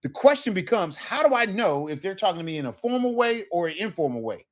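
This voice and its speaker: Lively man teaching a casual language lesson. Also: sits high, fast. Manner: lively, repeats "right?" often, acts out sample phrases. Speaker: Spanish teacher.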